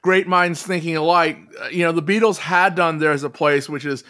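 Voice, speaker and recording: A man's voice: on the high side, steady tone, normal speed, pushed and bright. A man hosting a music podcast, introducing the episode and chatting about songs. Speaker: podcast host. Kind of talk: casual music chat.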